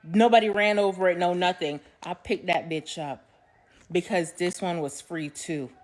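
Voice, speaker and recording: A woman telling a story in a casual vlog at home, animated and comic, swearing freely. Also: fairly low pitch, moderate pace.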